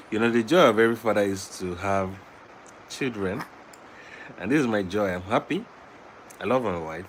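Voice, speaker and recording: A man vlogging at home with his baby son, switching between slow casual talk and high cooing baby talk and singing. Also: a little hiss or hum.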